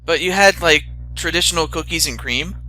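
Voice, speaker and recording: Bright-voiced young man rambling casually. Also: fairly high pitch, fairly quick. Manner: rambling, stammering restarts. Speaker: host. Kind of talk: casual chat.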